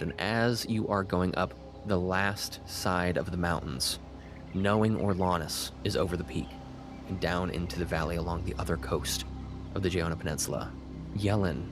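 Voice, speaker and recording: A man with a very deep voice runs a tabletop game as its game master. He narrates the journey in a steady, descriptive way.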